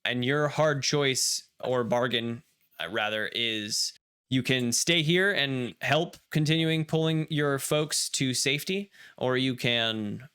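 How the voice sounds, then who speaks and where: A man narrating as game master for a tabletop role-playing game. His voice is bright and crisp, and he talks in lively bursts, often restarting his sentences as he describes the scene to the players. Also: mid-range voice, takes it slowly.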